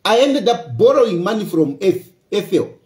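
A man's voice: high-pitched, lively intonation, normal speed, darkish tone, echoey room. A Zambian man speaking in a passionate political monologue, emphatic and repetitive, switching between English and local phrases. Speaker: opposition politician.

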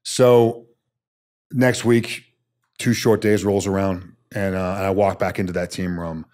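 A man's voice: low voice, level tone, measured pace, darkish tone. A man, a former soldier, telling his story bluntly and emphatically as a podcast guest, swearing casually.

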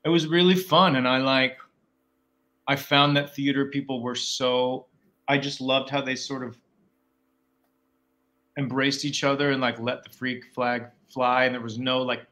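A middle-aged man with a mid-range voice talks as an interview guest over a video call. He jokes easily and keeps the tone relaxed and playful. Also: medium pitch. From Pennsylvania, USA. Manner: playful, joking. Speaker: guest actor. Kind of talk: casual interview chat.

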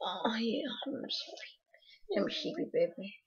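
A woman hosting a recap of a reality show, telling it in an excitable, slangy way and acting out what people said. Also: a little high, measured pace, slightly rough, highs cut off. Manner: excitable storytelling, slangy, acts out quotes.

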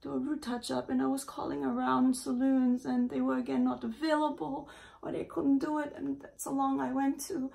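High, gravelly-voiced woman vlogging in distress. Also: flat delivery, moderate pace, few pauses, a little mellow. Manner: panicky, breathy, often near tears. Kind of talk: distressed casual vlog to camera. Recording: voice a little far from the mic.

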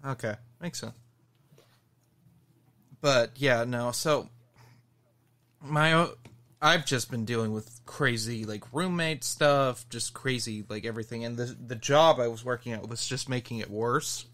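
Bright-voiced man telling stories. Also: mid-range voice, unhurried, pauses often. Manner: animated storytelling, laughs while telling. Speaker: podcast co-host. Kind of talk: casual podcast chat.

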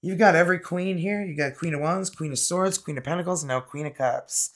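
A woman's voice: fairly low pitch, fairly quick. A Canadian woman giving a casual, rambling tarot reading to camera, with lots of fillers and laughter. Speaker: tarot reader.

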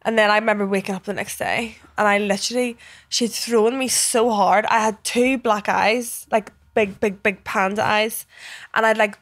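A woman's voice: medium pitch, steady tone, normal speed, a bit bright, no echo. Candid, swearing woman guest. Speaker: podcast guest, fighter. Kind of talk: casual chat.

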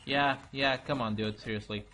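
A man's voice: medium pitch, steady tone, moderate pace, pushed and bright. Frustrated young man swearing at a game. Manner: frustrated, swearing, muttering and repeating himself. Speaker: gaming channel host. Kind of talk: let's play commentary.

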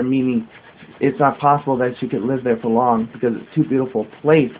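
A man reading a religious text aloud slowly, adding small explanatory comments and restarts. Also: mid-range voice, steady tone, a little hiss or hum. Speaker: reader. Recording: narrow phone-like sound.

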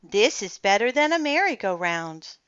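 A woman's voice: medium pitch, big pitch swings, normal speed, fairly bright tone, smooth, no echo, muffled recording, pitched above the performer's own voice. A woman voicing a group of children from a children's storybook, calling out cheerfully. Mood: excited.

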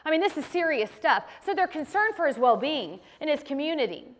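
A woman delivers a sermon in a casual, storytelling way, acting out quoted voices as she goes. Her voice sits high, and long reverb from a big church hall trails after her words. It sounds like a women's ministry teaching. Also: sing-song, a little fast. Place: church sanctuary.

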